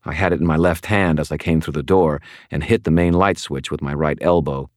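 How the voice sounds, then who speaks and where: Male audiobook narrator, first person, very deep and steady, dry booth sound. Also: no room sound. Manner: measured, steady storytelling with sudden shouted outbursts.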